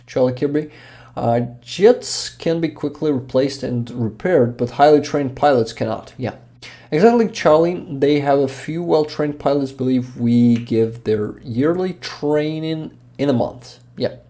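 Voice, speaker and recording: Slow, mellow-voiced man on livestream. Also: a little high. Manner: halting, searches for words, many fillers. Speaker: livestream host reading chat. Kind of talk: casual livestream chat.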